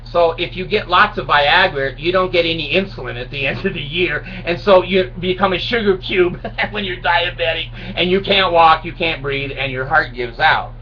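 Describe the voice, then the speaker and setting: A man's voice: on the high side, normal speed, few pauses. A man in his sixties telling a rambling, self-mocking comic story to camera. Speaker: video blogger. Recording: dull distant home recording with faint hiss.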